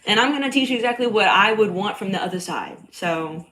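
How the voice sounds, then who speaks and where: This young cycle coach, with a slight Bronx New York accent, keeps her livestream chat loose: loud, somewhat nasal, blunt, full of swearing and frequent laughter. She speaks briskly in a mid-range voice with lively intonation, over poor audio.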